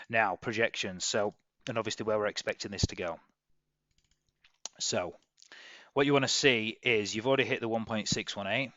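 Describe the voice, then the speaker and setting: Man, low voice, hurried and self-correcting screen-share talk, dry lo-fi mic. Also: sharp tone, dry recording. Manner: quick, rambling, self-correcting, swears casually. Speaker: trader. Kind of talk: rushed screen-share market analysis.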